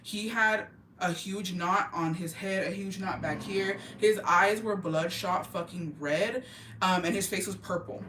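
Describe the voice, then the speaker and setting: A woman's voice: mid-range voice, unhurried, fairly bright tone, far from the mic. A woman gossips to her viewers in a loose, profane, emphatic storytelling voice, slipping Spanish phrases into her English. She sits back from the mic in a roomy, echoing space. A faint hum of ambient noise runs underneath. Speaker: vlogger.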